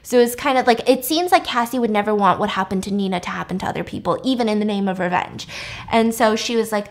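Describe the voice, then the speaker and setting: A woman podcast host casually recapping a film's plot, chatty and full of fillers. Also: mid-range voice. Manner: chatty, fast, many fillers.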